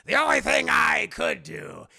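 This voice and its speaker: A man putting on a snarling, gleeful goblin villain voice, slow and shouted. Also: very high-pitched, wildly swooping pitch, creaky, no room sound, clean studio sound, heavily acted. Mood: menacing. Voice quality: growling, drawn-out shouting.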